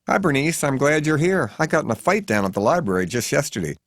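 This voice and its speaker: A man's voice: mid-range voice, sing-song, fast, dry recording, clean studio sound, voice pushed up. A man voicing a matronly woman in a housecoat who complains with a grievance. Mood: aggrieved. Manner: aggrieved, complaining. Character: matronly older woman in a housecoat, true-crime reader.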